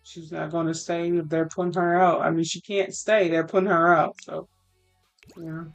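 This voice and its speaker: A woman's voice: fairly low pitch, little pitch movement, normal speed, faint music behind. A woman casually narrating a life-sim game story, rambling with fillers and the odd curse. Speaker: let's play creator.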